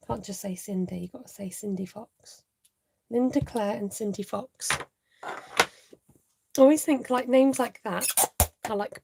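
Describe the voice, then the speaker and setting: Chatty woman with a gravelly, creaky voice. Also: medium pitch, background noise. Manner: chatty, reads out viewer comments, laughs often. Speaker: card-making tutorial host. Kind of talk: live crafting tutorial, chatting with viewers.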